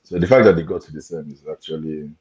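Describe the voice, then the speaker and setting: A man's voice: a bass voice, fast talker, a little mellow, slightly rough, poor audio. A man from Nigeria chatting casually on an online call from home at night. He hesitates with lots of fillers and restarts and keeps his voice down. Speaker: panelist. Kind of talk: casual chat.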